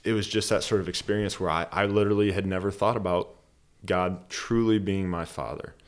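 This podcast guest has a low-pitched, steady voice and a brisk pace. He's earnest as he rambles through a personal story in a relaxed conversation, leaning heavily on "like" and plenty of other filler words.

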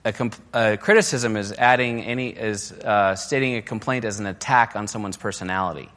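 A man's voice: fairly low pitch, fairly even intonation, brisk, a bit bright. A man giving a casual, conversational sermon on marriage, full of fillers and restarts, sometimes mimicking quoted criticism in a raised, mocking voice. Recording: long hall reverb.

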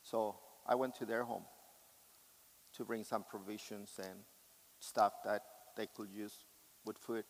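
A man's voice: fairly low pitch, fairly even intonation, takes it slowly, creaky, pauses often, long reverb tail, rough recording. A man preaching a sermon with impassioned, emphatic delivery.

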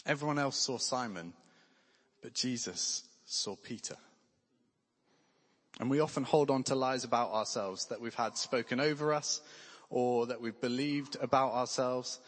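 Man preaching in a reverberant hall. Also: mid-range voice. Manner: earnest, conversational preaching with light humor. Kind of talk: sermon.

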